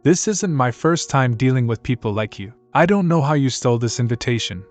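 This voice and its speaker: A man's voice: medium pitch, animated, brisk, faint music behind, close to an everyday voice. A man voicing a strict, suspicious palace guard in a storybook recap, with a stern, accusing delivery.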